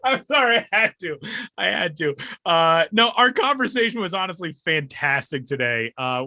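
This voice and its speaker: A man hosting a podcast in casual chat, jokey and animated. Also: fairly high pitch, no room sound, clean studio sound. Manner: jokey, animated, quick laughs. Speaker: podcast host.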